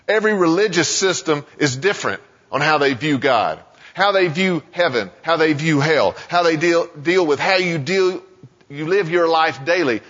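A man preaching a sermon in a casual, conversational way, full of "you know" asides and quick voiced quotes. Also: on the high side, animated, fairly bright tone. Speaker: pastor. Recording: muffled sound with long hall reverb.

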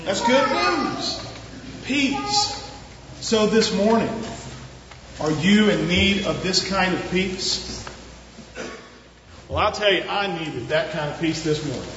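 A man preaching a sermon as pastor, earnest and unhurried with long pauses, in a church. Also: high voice, background noise. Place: church sanctuary. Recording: echoey, muffled church recording from far off.

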